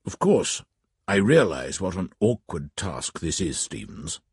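Man reading as weary older lord, low voice, husky, measured, dry sound. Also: sing-song, darkish tone, no room sound, full character voice.

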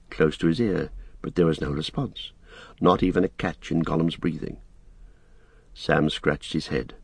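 A man reads a story aloud in a measured storytelling manner. His voice is very low and husky, with a lively, rolling pitch. The sound is dry and close-miked, with no room around it. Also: dry recording. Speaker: audiobook narrator. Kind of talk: scripted narration.

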